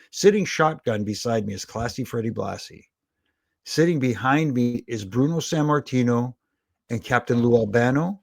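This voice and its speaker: A middle-aged man, a guest on a podcast, telling long, animated anecdotes full of restarts. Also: mid-range voice, gravelly, no room sound, studio quality. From Toronto, Canada. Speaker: guest, former wrestling referee. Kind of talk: casual storytelling interview.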